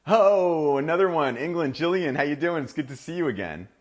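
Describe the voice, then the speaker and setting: A man's voice: fairly high pitch, lively intonation, a little fast. A middle-aged man with a New Jersey accent, hosting a live cooking demonstration in a kitchen and chatting enthusiastically to viewers. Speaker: chef and host.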